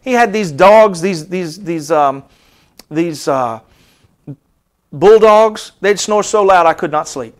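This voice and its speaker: High-voiced man preaching with animated swings. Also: takes it slowly, long pauses. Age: 50s. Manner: animated preaching, dropping to soft asides then rising high. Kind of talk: sermon.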